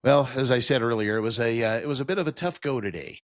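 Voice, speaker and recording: A man's voice: mid-range voice, quick pace, fairly bright tone, dry recording, clean studio sound. A man hosting a financial talk radio show, stressing key figures and explaining the numbers plainly to his listeners. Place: radio studio.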